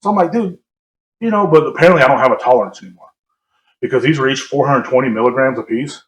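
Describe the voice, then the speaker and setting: Speaking fast in a mid-range voice, a young podcast co-host tells a loose, meandering story in casual chat. He's quick to laugh and likes to poke fun at himself, and the recording has a roomy echo.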